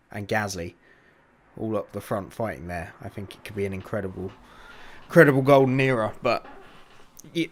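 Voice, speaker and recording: Male podcast co-host, lowish voice, casual and hesitant delivery. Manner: hesitant, lots of ums and restarts. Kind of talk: casual sports chat.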